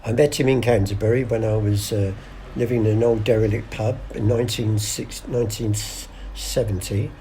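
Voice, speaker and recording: A man's voice: on the low side, fairly even intonation, moderate pace, warm tone, slight background noise. An older man, telling stories in a casual interview and acting out the voices of people in them. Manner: chatty yarn-spinner acting out voices, many restarts. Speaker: guest storyteller.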